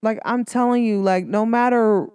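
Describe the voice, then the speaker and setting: A woman's voice: on the high side, steady tone, moderate pace, warm tone, smooth, no room sound, studio quality. A woman hosting a casual motivational talk, chatty and encouraging, with lots of filler words. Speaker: podcast host.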